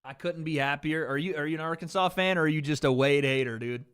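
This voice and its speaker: A man's voice: a little high, fast, a bit bright, smooth. A man streaming live, ranting with heavy profanity, frustrated and angry as he snaps back at his chat. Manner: profane, heated, snapping at chat. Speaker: streamer reacting to a football game and live chat. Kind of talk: heated livestream rant to chat.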